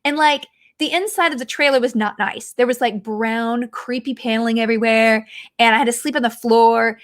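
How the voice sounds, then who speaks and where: A woman's voice: fairly high pitch, moderate pace, a bit bright. A woman in her forties hosting a podcast, telling rambling, self-mocking stories in casual chat. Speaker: podcast host.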